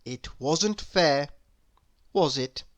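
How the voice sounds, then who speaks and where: A woman reading a children's story aloud, expressive and asking the listener questions. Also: sits low, very slow.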